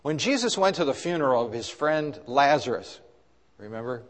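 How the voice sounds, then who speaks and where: A man preaching a sermon at a mid pitch, his voice carrying a long reverb through a large church hall. He asks the congregation questions and swings from soft, low passages to loud, raised ones. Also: sing-song, normal speed. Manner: preaching with rises and drops in loudness, asking the congregation questions. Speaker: pastor.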